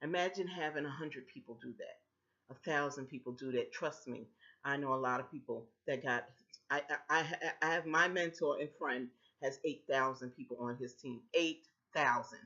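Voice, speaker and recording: A woman talking straight to camera from home, pitching a home business emphatically and repeating her points. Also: moderate pace, bright, forceful tone. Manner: emphatic and repetitive, speaks straight to viewers. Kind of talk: casual persuasive talk to camera. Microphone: built-in webcam mic. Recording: dull lo-fi webcam audio.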